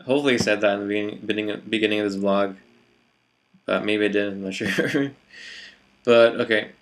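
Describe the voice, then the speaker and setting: A man's voice: fairly low pitch, steady tone, fairly quick. A man vlogging his reflections in a hesitant, casual monologue, full of fillers and restarts.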